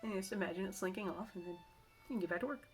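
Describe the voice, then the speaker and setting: A woman's voice: mid-range voice, very fast, faint music behind. A middle-aged woman chatting casually to camera in a vlog, rambling and self-correcting as she shares work-from-home tips. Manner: rambling, chatty, with many restarts and asides.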